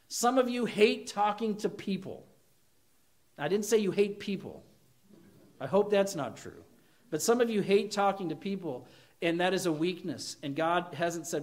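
A man preaching a sermon, animated and emphatic, acting out quoted voices. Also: high-pitched, moderate pace. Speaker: pastor.

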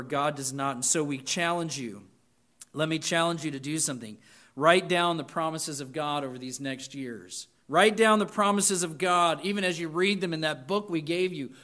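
A man's voice: high-pitched, pushed and bright. A man preaching a sermon to students, reading scripture with emphatic lists and chatty asides. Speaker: pastor.

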